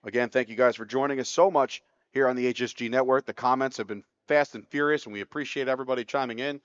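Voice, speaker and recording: A man's voice: medium pitch, steady tone, fast talker, clean tone, dry recording. A man calls a live football game, talking through each snap and thanking the audience. His voice lifts sharply when a big play unfolds. The sound is dry and slightly muffled. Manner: rises sharply on big plays. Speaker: play-by-play commentator.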